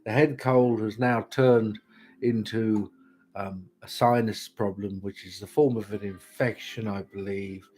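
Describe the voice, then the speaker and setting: A man's voice: fairly low pitch, steady tone, a little slow, a little mellow. Dry-humoured British man hosting a stream. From Britain. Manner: dry, self-mocking humour. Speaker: tarot reader host. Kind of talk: casual live-stream chat.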